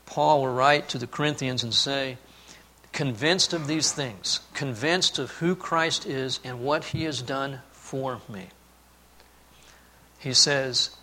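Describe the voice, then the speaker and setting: A man preaching a sermon, telling a family story and then speaking earnestly and softly about God's love. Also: mid-range voice, measured pace. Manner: storytelling, then earnest and hushed on key points. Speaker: pastor.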